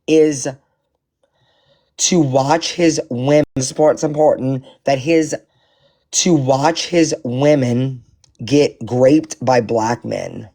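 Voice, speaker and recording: A man giving casual commentary to his viewers, animated and profane, rambling with many restarts. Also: mid-range voice, takes it slowly. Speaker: live-stream commentator.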